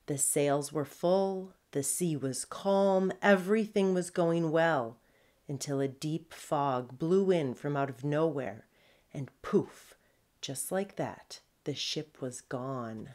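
A woman voicing a gruff old male sea dog telling an ominous tale in a storybook. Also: low voice, slow pace, a little mellow.

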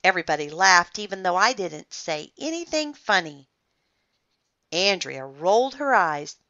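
A woman reads a children's chapter book aloud with playful, expressive delivery and a lively, bright voice. She takes her time with each line. The recording is dry and a little muffled. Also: lowish voice, unhurried. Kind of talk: storybook read-aloud.

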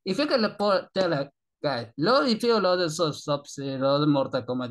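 An Argentine man whose first language is Spanish hosts a YouTube reaction channel, offering casual commentary in rambling, broken English. He's excitable and swears a lot, with a voice on the high side and a moderate pace.

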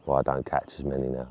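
A man's voice: extremely low pitch, a little mellow, slight background noise. A man with a laid-back, murmured way of talking, chatting casually to camera while filming a trip outdoors by a lake. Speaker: vlogger filming a fishing trip.

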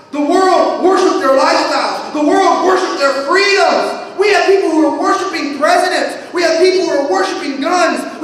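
A man preaching a sermon as pastor, animated and humorous, swinging between shouts and quiet asides. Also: very high-pitched. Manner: humorous storytelling. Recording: echoey hall from far off, faint noise.

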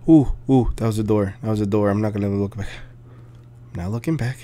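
A man commenting on his horror game play, yelling and screaming at scares and dropping to whispers in tense moments. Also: fairly low pitch, fairly even intonation, fairly quick, a little hiss or hum. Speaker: gameplay commentator.

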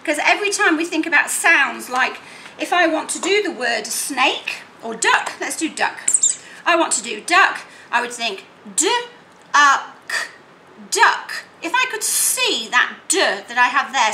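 A woman teaching phonics, sounding out words slowly in separate sounds and playing with toys. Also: sits high. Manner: animated and playful with children's toys. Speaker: literacy teacher. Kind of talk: teaching demonstration. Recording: echoey room, faint noise.

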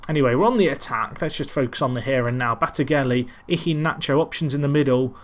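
A man talks over his football management game, calling the match like a sports commentator. He rambles and pokes fun at himself between plays. His pitch sits in an ordinary middle range for a man. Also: fast. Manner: rambling, self-deprecating, calls the match like a commentator. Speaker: gaming commentator. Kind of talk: casual Let's Play commentary.

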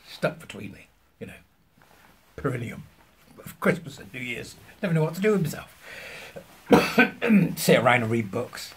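A man, hosting a casual solo show from home, rambling along with wry asides in a husky voice. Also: on the high side, fairly bright tone. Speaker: host. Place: alone at home early morning.

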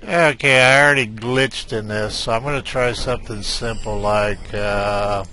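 A man's voice: on the low side, fairly even intonation, measured pace, bright, forceful tone. A man giving casual, rambling commentary on a game he is playing at his computer, hesitating often with "uh" fillers. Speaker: let's play gamer.

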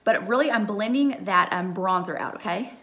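In a bright, forceful mid-range voice at normal speed, a young woman talks her viewers through a live makeup tutorial at home under a ring light. She's chatty and checks in after nearly every step with "okay?", and the recording echoes.

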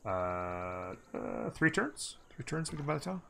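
Low, creaky and a bit bright, this gameplay commentator's voice is very animated yet a little slow, with a faint hiss or hum in the background. He chats upbeat and casually about a strategy game, thinking aloud and humming while he plays.

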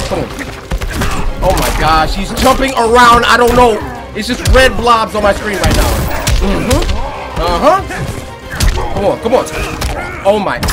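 A man giving excited gameplay commentary, loud and trash-talking, shouting at the screen. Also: high voice. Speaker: gaming YouTuber.

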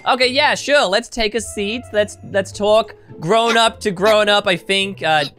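A channel host narrating and acting through a game roleplay, excitable and prone to shrieking. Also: mid-range voice, a little slow, faint music behind.

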